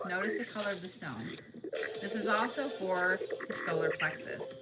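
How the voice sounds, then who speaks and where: A woman's voice: fairly low pitch, expressive, moderate pace, low-quality recording. A young adult woman reading tarot cards in a casual, blunt, profane way, speaking straight to her viewers. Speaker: tarot card reader. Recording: loud music behind the voice.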